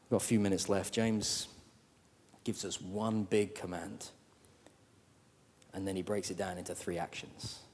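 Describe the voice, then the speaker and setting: Pastor preaching in a reverberant hall. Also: male voice, flat delivery, measured pace, pauses often, a little hiss or hum. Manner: dynamic, swings from hushed lows to loud outbursts. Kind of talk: sermon.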